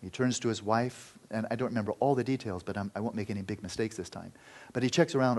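Low, breathy male Buddhist teacher. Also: fast talker, hardly any pauses. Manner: earnest, loose storytelling with restarts and quiet stretches. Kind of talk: dharma talk storytelling.

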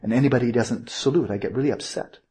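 A man's voice: mid-range voice, quick pace, warm tone, slightly rough. A man giving an informal Buddhist teaching, digressive and self-correcting, posing rhetorical questions to his listeners. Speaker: meditation teacher.

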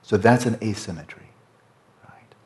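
A man's voice: lowish voice, a little slow, a little mellow. An American man giving a conversational dharma talk to retreat students, emphatic and often checking in with "right?". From United States. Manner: emphatic, conversational, repeats tag questions. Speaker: meditation teacher.

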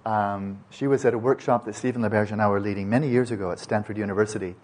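A man's voice: lowish voice, fairly even intonation, fast talker, darkish tone. An older man giving an unscripted meditation talk, digressive and playful, often restarting his words. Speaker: meditation teacher. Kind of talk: unscripted dharma teaching.

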